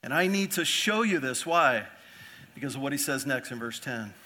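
A man's voice: mid-range voice, animated, moderate pace, pushed and bright. A man preaching an earnest expository sermon as pastor, asking rhetorical questions and repeating phrases for emphasis.

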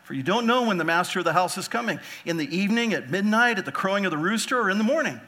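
A man preaching a sermon with impassioned swings between quiet and loud emphasis, acting out biblical figures in casual modern speech. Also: high voice, lively intonation, racing. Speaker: pastor.

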